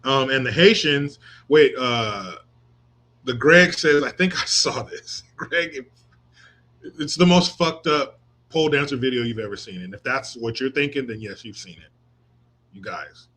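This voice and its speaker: Brief: male commentary host, profane and sarcastic, bright, forceful voice. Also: medium pitch, a little slow. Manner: crude, sarcastic, mocking, profane. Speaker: host reading live chat. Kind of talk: political commentary livestream.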